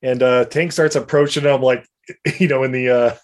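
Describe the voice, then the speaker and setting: A man's voice: mid-range voice, fairly even intonation, normal speed. A man casually recapping an episode as a podcast co-host, rambling and laughing as he goes. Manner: rambling and laughing, with lots of fillers.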